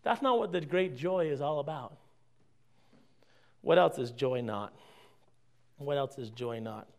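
With a medium-pitched voice marked by vocal fry, this pastor preaches unhurriedly. He puts rhetorical questions to the congregation, alternating loud emphasis with quieter asides.

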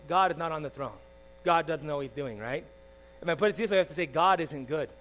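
A man in his forties preaching a sermon, swinging from loud emphatic lines to soft confiding asides, often asking the congregation "all right?". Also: high-pitched, low-quality recording. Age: 40s. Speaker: pastor. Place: church. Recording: faint mains hum.

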